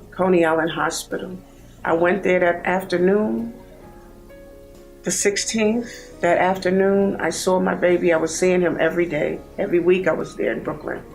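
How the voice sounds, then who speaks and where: Gravelly-voiced grieving woman in her sixties. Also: on the low side, steady tone, faint music behind, rough recording. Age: 60s. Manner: heartfelt, halting, grieving. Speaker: bereaved mother in a support program. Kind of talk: personal testimony.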